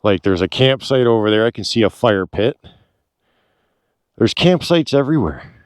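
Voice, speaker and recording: A man's voice: mid-range voice, animated, normal speed, no room sound, clean studio sound. Guy filming his atv ride, gets all worked up, swears casually, rambles on. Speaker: ATV trail vlogger. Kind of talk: casual outdoor vlog commentary. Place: outdoors on an ATV trail by a lake.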